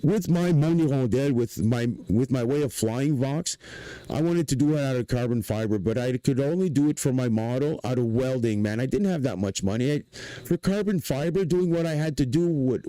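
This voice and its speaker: Québécois guy streaming from home: dark, mellow voice, excitable rambling, swears a lot, dry sound. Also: mid-range voice, no echo, rough recording. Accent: Québécois French. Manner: rambling, excitable, profane, repeats himself. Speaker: livestreamer and inventor. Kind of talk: casual livestream rant.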